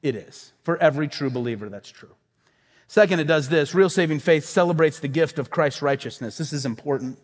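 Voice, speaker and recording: A man's voice: on the high side, expressive, brisk, in a large hall. A man preaching a sermon as pastor, fervent and emphatic, driving his points home with repeated phrases.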